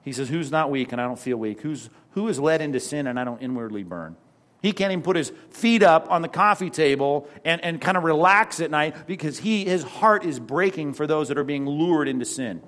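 Animated male preacher, fairly high voice. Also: fairly quick. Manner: animated preaching with sudden drops to a hush and mocking asides. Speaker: pastor. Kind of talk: sermon.

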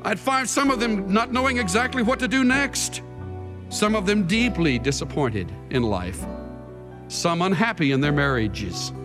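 Slow dramatic preacher guy, goes from quiet to shouting, lively pitch. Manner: dramatic, swings from hushed to shouting. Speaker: pastor. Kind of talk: sermon. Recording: long reverb hall with faint music.

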